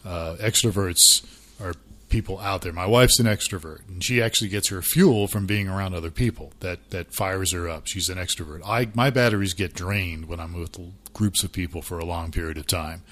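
A man's voice: low voice, fairly quick, a bit bright. A middle-aged man co-hosting a casual podcast about church life, chatty and self-deprecating. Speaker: podcast co-host.

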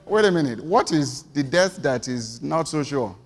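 A man preaching a sermon, firing off rhetorical questions and swinging between loud outbursts and quiet asides. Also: a little high, lively intonation, a little slow, few pauses, big-room sound.

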